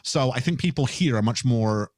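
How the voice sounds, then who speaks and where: A man from Canada talking as a podcast guest in casual chat, explaining things quickly and restarting his sentences often. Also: medium pitch, dry recording. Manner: fast, animated, explanatory talker with many restarts.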